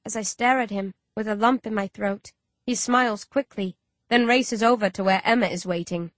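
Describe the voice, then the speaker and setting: A woman's voice: medium pitch, steady tone, moderate pace, no room sound. A woman reading a first-person story aloud as an audiobook narrator, shifting her voice slightly for each character.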